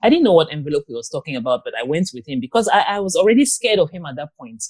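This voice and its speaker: A grown woman giving an interview guest's personal account, talking in a halting way with many pauses and restarts. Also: low-pitched, big pitch swings, darkish tone, husky, no room sound. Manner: halting, with frequent ums and restarts. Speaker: guest, abuse survivor and author.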